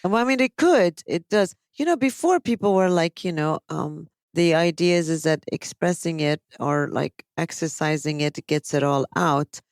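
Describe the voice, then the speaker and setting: A woman's voice: low voice, moderate pace, hardly any pauses, no echo. Woman psychologist explaining at length. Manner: explanatory, animated when quoting people. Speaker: psychologist host. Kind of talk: casual podcast discussion.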